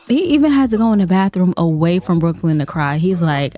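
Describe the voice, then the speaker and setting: A woman's voice: on the low side, a little fast, few pauses, faint music behind. Chatty woman gamer with a lilt. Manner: expressive, gasping and fretting over the characters; chatty, addresses viewers as y'all. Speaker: gaming creator narrating her gameplay. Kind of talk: casual gameplay commentary.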